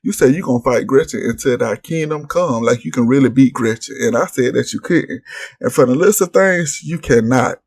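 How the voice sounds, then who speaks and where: Husky, brash man with a recap vlog. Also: medium pitch, normal speed, a little mellow, dry recording, clean studio sound. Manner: brash, blunt, profane trash-talk with laughs. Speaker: reality TV recap host. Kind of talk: casual commentary vlog.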